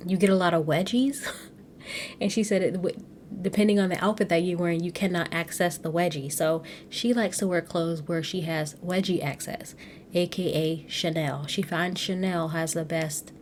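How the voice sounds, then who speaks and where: A woman's voice: lowish voice, darkish tone, slight background noise. A woman hosting a podcast, recapping a reality show in casual, gossipy chat and often laughing. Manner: chatty and gossipy, laughs often, addresses listeners as y'all.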